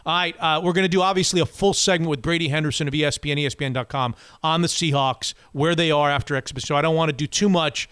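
A man hosting a casual sports talk show, animated, with quick back-and-forth and frequent restarts. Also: fairly high pitch, smooth, no echo. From Florida. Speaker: sports radio host.

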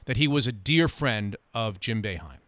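A man hosting sports radio, telling a story in a lively, quick way. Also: lowish voice, no echo. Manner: animated, quick anecdote telling. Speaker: radio host.

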